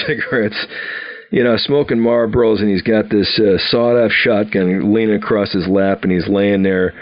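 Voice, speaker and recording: Deep-voiced man telling a war story. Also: dull audio. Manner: rambling, many "you know" fillers and restarts. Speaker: company founder telling his army story. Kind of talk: casual storytelling.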